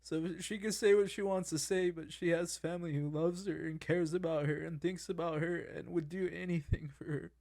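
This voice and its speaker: A man pours out an emotional family story, agitated and cursing. His voice sits a little high for a man. The sound is close and dry, with no room echo. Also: fairly even intonation, moderate pace, creaky, hardly any pauses, a little mellow. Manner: agitated, swearing, voice rising as he vents. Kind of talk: emotional personal account.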